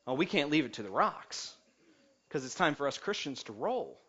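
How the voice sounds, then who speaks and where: A pastor with a high voice delivers a lively sermon in church, rising loud and then dropping soft, and trades quips with the congregation. The recording sounds dull and lo-fi. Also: male voice, moderate pace. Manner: energetic preaching with swings between loud and soft; jokes with the congregation.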